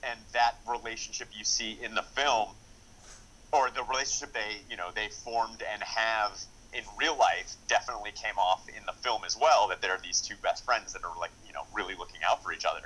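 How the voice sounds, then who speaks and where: A man's voice: lowish voice, fairly quick, bright, forceful tone, low-quality recording. A man who wrote and directed a film, chatting enthusiastically in an interview, rambling with lots of fillers and restarts. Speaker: screenwriter and director. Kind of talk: casual interview.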